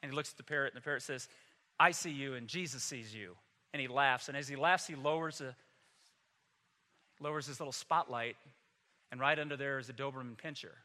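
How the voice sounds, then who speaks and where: A man's voice: mid-range voice, steady tone, fast, pauses often, pushed and bright, long reverb tail. A man pastor delivering a Christmas Sunday sermon in a church, emphatic and telling humorous stories. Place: church sanctuary.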